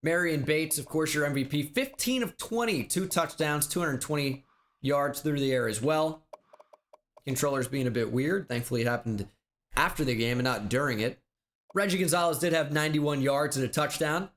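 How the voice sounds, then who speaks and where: A man giving casual video game commentary, rattling off stats in a quick, offhand way. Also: a little high, fairly bright tone. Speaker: gaming YouTuber.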